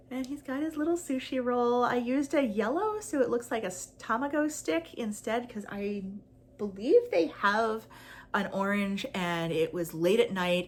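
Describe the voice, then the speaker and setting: Chatty crafter woman, mid-pitched, casual vlog talk, upbeat, easy fillers. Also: a little hiss or hum. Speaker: crochet pattern designer.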